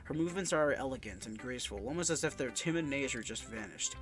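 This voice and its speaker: A man's voice: mid-range voice, expressive, fast talker, fairly bright tone, soft background music. A young man with a stuffy nose from sinuses, reading a visual novel game aloud in a subdued, somber way with stumbles. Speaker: let's-play narrator.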